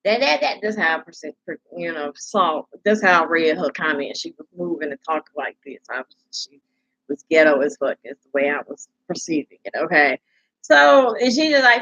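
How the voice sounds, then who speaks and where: A woman's voice: lowish voice, animated, normal speed, bright, forceful tone, dull audio. A woman hosting a casual livestream, ranting bluntly and with profanity while greeting viewers. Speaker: livestream host.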